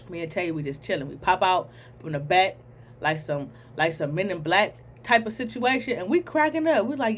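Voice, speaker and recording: Animated young woman telling a story. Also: on the low side, moderate pace, a little hiss or hum. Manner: animated, addresses viewers as y'all, acts out sounds and voices. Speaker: storytelling vlogger. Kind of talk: casual storytime.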